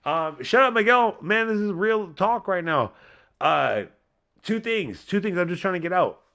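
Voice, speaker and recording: A man with a slightly high, nasal voice hosts a live wrestling game stream. He rambles excitedly through the play-by-play and calls out to his viewers as he goes. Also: a little slow. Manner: excitable, rambling, talks to a chat member by name. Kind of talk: casual live gameplay commentary.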